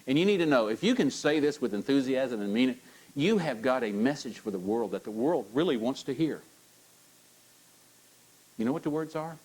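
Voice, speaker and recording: A man's voice: mid-range voice, normal speed, rough recording. Pastor coaxing his congregation. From United States. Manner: animated, coaxing congregation to repeat lines. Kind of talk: sermon.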